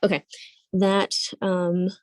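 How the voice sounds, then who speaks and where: Young woman Latin teacher, casual classroom talk, slow unhurried delivery, dry sound. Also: fairly low pitch, monotone, a little mellow, no echo. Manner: thinks aloud with frequent ums and self-corrections. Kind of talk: casual classroom lesson, translating line by line.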